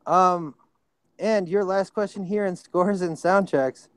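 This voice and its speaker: A man with a high, smooth voice runs a movie trivia quiz, reading each question out and shouting his delight at a good answer. He is quick to apologize when he flubs a name, and the sound is close and dry. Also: no echo. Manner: excitable, apologetic about slips. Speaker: quiz host.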